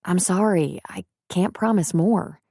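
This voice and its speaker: A woman's voice: fairly low pitch, measured pace, vocal fry, warm tone, slightly rough, dry recording, studio quality, full character voice. A woman voicing an earnest, candid young nurse from the city in an audiobook reading.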